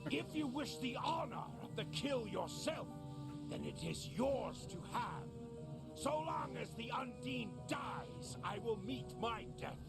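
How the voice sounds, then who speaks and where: A proud Klingon commander in a sci-fi video game, speaking slowly and gravely in a gravelly voice that swoops high and low. Game music plays loudly behind him. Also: male voice, big pitch swings, exaggerated voice. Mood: solemn. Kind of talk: game voice acting.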